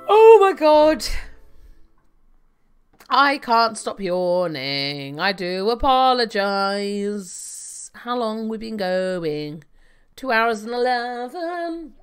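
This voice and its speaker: A woman's voice: mid-range voice, animated, slow, fairly bright tone, smooth. A young adult woman giving chatty live gameplay commentary, thinking aloud with fillers and laughing often. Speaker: game streamer.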